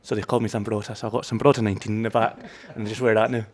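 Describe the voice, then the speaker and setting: Brief: male Scottish co-host, fast chatty and self-mocking. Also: on the low side, little pitch movement. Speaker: podcast co-host. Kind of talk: casual pub chat. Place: pub, indoors.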